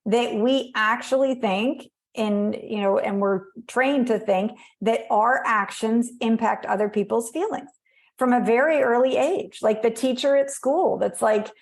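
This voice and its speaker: Woman podcast guest, slightly high voice, animated storyteller, loose conversational delivery. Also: unhurried. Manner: animated storytelling, acts out voices, many fillers.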